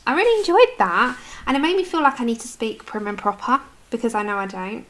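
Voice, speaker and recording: A woman's voice: fairly high pitch, lively intonation, a little fast, a bit bright. A British woman in her adult years chatting casually with viewers while colouring on a livestream, answering their comments as she goes. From United Kingdom.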